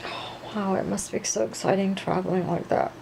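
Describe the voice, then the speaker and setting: A woman's voice: mid-range voice, steady tone, creaky, darkish tone, a little hiss or hum, rough recording. Woman doing a gushing, nervous young woman. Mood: emotional. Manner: breathless, fretful, halting with repeated words.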